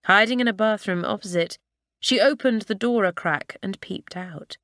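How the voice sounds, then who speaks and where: A woman narrating a children's school story in a measured, expressive storytelling manner. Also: medium pitch, no room sound, studio quality. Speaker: audiobook narrator.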